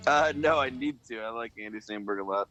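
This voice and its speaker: A man's voice: mid-range voice, fairly quick, pushed and bright, dull audio, faint music behind. A man co-hosting a podcast from his porch, weary and dry, with self-deprecating humor. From Edwardsville, Illinois. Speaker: podcast co-host. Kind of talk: casual podcast chat.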